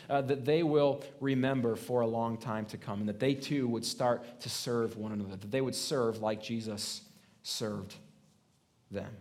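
A man's voice: fairly high pitch, darkish tone. A man preaching a sermon in a conversational way. He often asks "right?" and restarts his words, rising to stress a point. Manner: conversational preaching, frequent "right?" tag questions; restarts and stammered repeats, emphatic rises. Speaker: pastor.

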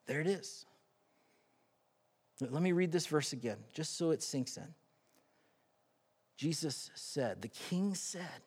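A man preaching a sermon as pastor, animated and reading scripture aloud with dramatic pauses. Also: a little high, slightly rough. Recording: long hall reverb.

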